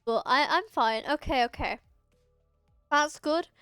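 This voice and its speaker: A woman's voice: sits high, unhurried, bright, forceful tone, no echo, faint music behind. Chatty young woman streaming a game. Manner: chatty, rambling, with many restarts. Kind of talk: casual live-stream chat.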